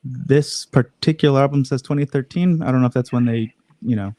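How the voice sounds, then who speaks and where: A man's voice: medium pitch, fairly quick, dark tone. A man co-hosting a casual livestream chat, giving laid-back, agreeable replies.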